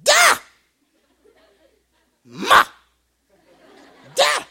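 A man voicing an insistent toddler boy shouting for his mom and dad with shrill, repeated calls. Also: drawn-out words, exaggerated voice.

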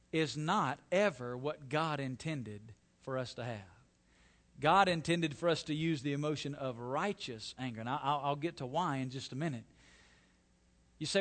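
A man preaching a sermon with a high, lively voice that leaps up and down in pitch. He drops to soft, slow phrases, then presses hard on single words. The tone is bright and ringing. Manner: dramatic, swings from soft to loud emphasis. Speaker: pastor.

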